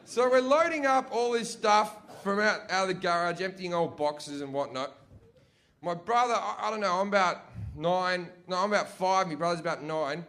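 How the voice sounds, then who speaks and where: This high-pitched young man speaks at a moderate pace as he delivers profane, lively stand-up to a live audience. Along the way he imitates the voices of people in his family.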